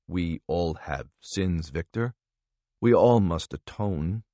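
A man voicing a calm, menacing male interrogator who speaks softly and slowly with quiet threat. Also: low-pitched, no echo. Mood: calm menace. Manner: soft, slow, quietly threatening.

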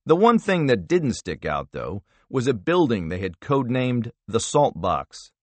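A man narrating a thriller audiobook in a measured, expressive storytelling manner. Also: mid-range voice, no echo. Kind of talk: scripted narration.

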